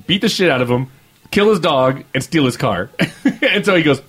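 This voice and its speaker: A man's voice: on the high side, expressive, normal speed, a bit bright, slightly rough. A man hosting a casual podcast chat, reviewing films as a rambling storyteller who swears and laughs. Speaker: film reviewer host.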